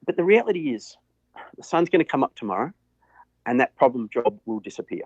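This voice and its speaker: A man's voice: mid-range voice, sing-song, brisk, no echo. Rambling businessman, dull audio. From Australia. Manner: rambling, repeats words while thinking aloud. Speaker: guest, flooring business owner. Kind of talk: casual conversational interview.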